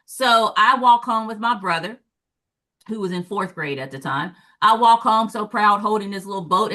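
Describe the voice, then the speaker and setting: Lively, bright-voiced Southern woman storyteller. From American South. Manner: animated storyteller, acts out quotes with big pitch jumps. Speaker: guest speaker, former teacher and parent. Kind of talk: storytelling in a talk show discussion.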